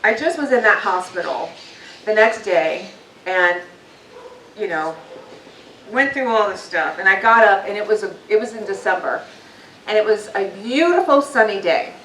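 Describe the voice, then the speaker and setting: A woman's voice: mid-range voice, expressive, moderate pace, a bit bright. Woman, guest speaker, motivational talk, candid, casual ums, distant from mic, echoey hall. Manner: candid, conversational, frequent fillers. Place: meeting hall with a live audience. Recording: roomy, distant, faint noise.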